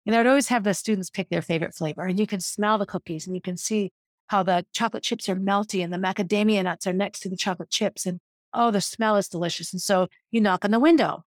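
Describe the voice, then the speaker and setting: A woman's voice: mid-range voice, fast, dry recording, clean studio sound. Woman vividly narrating a personal story. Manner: vivid, descriptive, guiding listeners through a scene. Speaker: former teacher telling a personal story.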